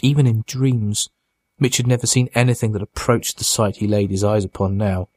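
This is scripted audiobook narration: a man with a husky, low, even voice delivers a horror tale in a deliberate, dramatic manner. The sound is dry and close-miked, free of room reverb.

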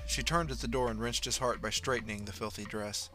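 A man reading a grim survival story aloud with a bright, forceful voice, steady and low-key, and his inner-thought passages sink softer. Faint music runs under him. His pitch sits mid-range. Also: fairly quick. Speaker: narrator. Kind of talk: audiobook narration.

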